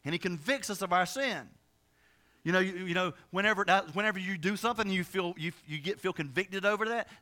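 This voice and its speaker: A man preaching a sermon as pastor, talking in a quick, conversational way with many restarts, jokes and asides. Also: high voice, pushed and bright.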